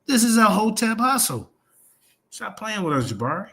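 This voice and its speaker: A man speaks, his voice sitting a touch high and ringing bright. He rants on a livestream, combative and profane, firing trash talk at his rivals. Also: big pitch swings, moderate pace. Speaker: streamer host. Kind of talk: heated livestream rant.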